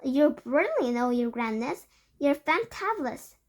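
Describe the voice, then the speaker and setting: A woman voicing a shrill, excited crowd of female witches, chanting in a high squeal. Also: measured pace, heavily acted. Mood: eager. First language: Korean.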